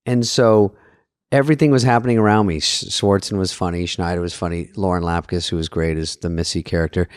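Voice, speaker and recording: Speaking briskly in a low register, a middle-aged man co-hosts a podcast, trading casual stories full of acted-out quotes and heavy swearing. The recording is dry and studio-clean.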